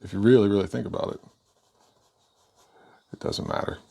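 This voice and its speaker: A man giving a casual painting lesson, relaxed and thinking aloud as he works. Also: deep voice, normal speed, creaky, breathy edge. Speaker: painting instructor.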